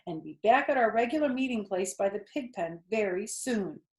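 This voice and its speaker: A woman reading a story aloud and voicing a brisk, cheerful farm mother who gives instructions. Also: mid-range voice, expressive, darkish tone, pitched above the performer's own voice, close to an everyday voice. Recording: roomy echo.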